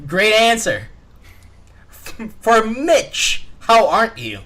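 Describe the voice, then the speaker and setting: A man's voice: sits high, big pitch swings, very slow, sharp tone. A young man co-hosting a podcast in casual chat, joking and laughing often. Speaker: podcast co-host.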